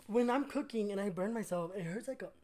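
A young woman co-hosting a podcast in casual chat, slangy and quick to laugh. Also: mid-range voice, a little mellow. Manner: chatty, laughs often, slangy. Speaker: podcast co-host.

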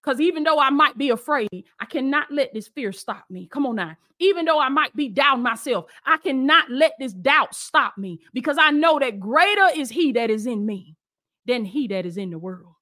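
A Christian lifestyle coach and preacher addresses her online audience directly in a high, expressive voice that is bright and forceful, moving at a moderate pace. She is emphatic and repetitive, returning again and again to rallying calls that urge listeners to stand firm.

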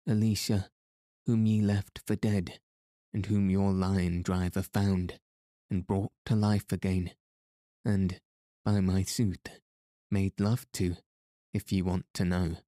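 A man reading the part of a mocking, sharp-tongued young lady in a storybook, speaking in old-fashioned words. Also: low-pitched, little pitch movement, takes it slowly, long pauses, no room sound, studio quality. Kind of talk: audiobook reading.

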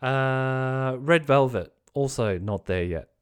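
A man talking through his weekly podcast at a middle pitch. He is blunt and rambling, swears freely, and often restarts his sentences as he vents his opinions. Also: takes it slowly, smooth. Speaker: podcast host. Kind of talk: casual opinion commentary.

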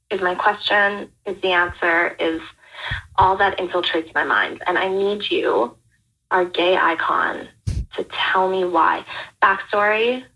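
A woman's voice: mid-range voice, sharp tone. A woman leaving a rambling, earnest voicemail question for a podcast. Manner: rambling, earnest, searching for words. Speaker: voicemail caller. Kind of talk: recorded voicemail. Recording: voicemail over a phone line.

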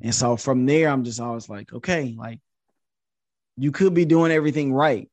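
A man in his thirties, a podcast guest, telling a story in a casual, animated way and jumping up in pitch when he quotes himself. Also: moderate pace, no echo. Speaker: podcast guest, social media influencer.

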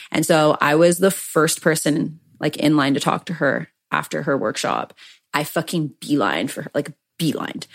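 A young adult woman co-hosting a podcast in casual chat, candid and effusive, swearing freely. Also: low voice. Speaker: podcast co-host.

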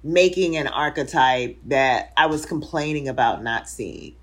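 A low-pitched woman in her forties speaks as an interview guest. She talks in a loose, reflective way, full of fillers. Her voice sits deep for a woman. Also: measured pace. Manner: reflective, laughs often, many fillers. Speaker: guest, show creator. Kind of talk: casual interview conversation.

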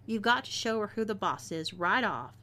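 A woman's voice: mid-range voice, animated, normal speed, sharp tone. Texan woman playing Zelia, a fiery female outlaw. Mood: bossy. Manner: bossy, threatening drawl.

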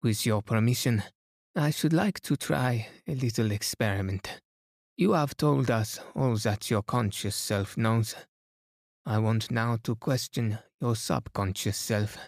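A man's voice: mid-range voice, steady tone, slow pace, dry recording, studio quality, lightly acted. A man doing Poirot, a precise old detective. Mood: gentle. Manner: gentle, precise. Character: fussy older male Belgian detective.

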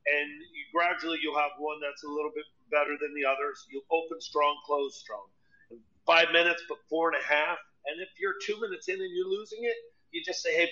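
A stand-up comedian chatting casually and telling animated stories, acting out other people's voices. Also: male voice, a little high. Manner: animated storytelling, acts out voices. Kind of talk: casual chat. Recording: dull lo-fi audio.

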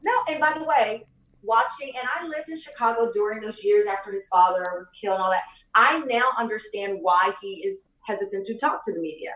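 A woman guest chatting in an animated, laughing way, full of quick asides. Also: mid-range voice, far from the mic. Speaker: guest, TV talk show host. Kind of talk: casual interview chat.

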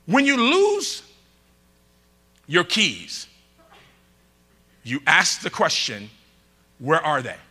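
A man pastor preaching a sermon, calling out to the congregation and swinging between loud bursts and quiet asides. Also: sits high.

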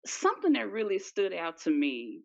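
A woman guest on a podcast, chatting casually in a relaxed, slangy way. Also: medium pitch, normal speed, gravelly. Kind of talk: casual chat. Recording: dull lo-fi sound.

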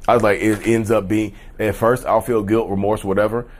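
A man's voice: fairly low pitch, flat delivery, fairly quick. Man, casual vlog monologue, blunt, emphatic, swears, keeps saying y'all. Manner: grows loud and heated. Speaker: vlogger on personality disorder.

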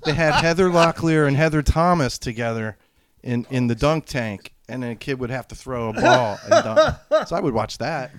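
A man's voice: mid-range voice, very animated, normal speed, no room sound. A man co-hosting a podcast, telling family anecdotes in casual chat. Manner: anecdotal, mimics relatives. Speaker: podcast co-host.

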